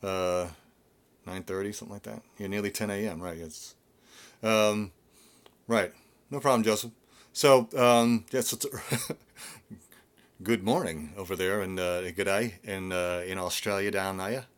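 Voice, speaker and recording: Chatty, low-voiced male vocal coach. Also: unhurried, pauses often. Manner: chatty, rambling with many fillers and restarts. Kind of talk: casual live-stream Q&A. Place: home.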